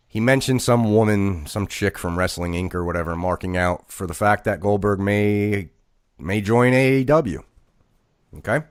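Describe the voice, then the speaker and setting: A man's voice: on the low side, no room sound, clean studio sound. A man co-hosting a wrestling podcast, ranting mockingly and calling out a critic by name. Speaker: podcast co-host. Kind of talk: casual podcast rant.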